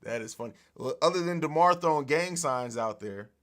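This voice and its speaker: A man hosting a casual sports podcast livestream from a home studio, animated and profane, laughing often, recorded on an overhead mic. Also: a little high, fairly quick. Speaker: podcast host.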